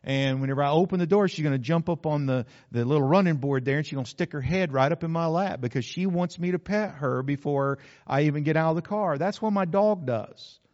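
A man, a pastor, preaching a sermon in an earnest way, slowing down to stress key words. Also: a little high, a little mellow. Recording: slightly dull lo-fi sound.

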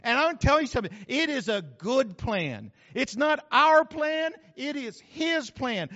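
A man's voice: very high voice, big pitch swings, a little slow, hardly any pauses, pushed and bright, dry recording, dull audio. A man preaching a sermon in a folksy, joking way. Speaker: pastor.

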